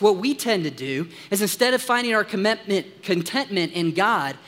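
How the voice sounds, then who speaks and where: A man preaching as a pastor, upbeat and joking with the congregation, dropping to a hushed tone in prayer. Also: high-pitched, in a large hall. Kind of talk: sermon. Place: church sanctuary.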